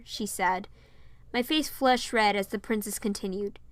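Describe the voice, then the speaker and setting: A woman reading her own fan fiction aloud as narrator, in a steady storytelling manner. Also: medium pitch, normal speed, clear, resonant tone, dry recording.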